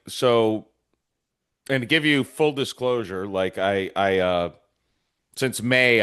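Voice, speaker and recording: A man hosting a podcast who talks haltingly and corrects himself as he goes. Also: on the low side, a bit bright, clean tone. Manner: hesitant, halting, self-correcting. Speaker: podcast host. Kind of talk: casual podcast interview.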